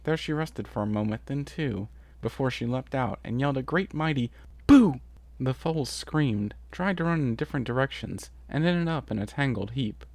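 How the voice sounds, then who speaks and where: A male reader narrates a rhyming story with a steady storytelling rhythm. His voice sits at a middle pitch. The sound is dry and close. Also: moderate pace, no room sound. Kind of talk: scripted narration.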